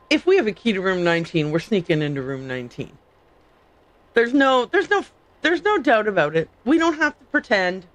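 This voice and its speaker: A woman's voice: mid-range voice, big pitch swings, a little slow, pauses often, fairly bright tone. A middle-aged woman streaming a story game, chatting playfully and laughing as she tells stories. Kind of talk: casual livestream commentary.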